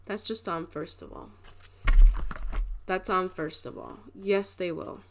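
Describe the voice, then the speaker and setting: A woman's voice: on the low side, fairly even intonation, takes it slowly, a little hiss or hum. A young adult woman giving a casual pick-a-card tarot reading, chatty and rambling, often restarting her sentences and laughing. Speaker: tarot reader.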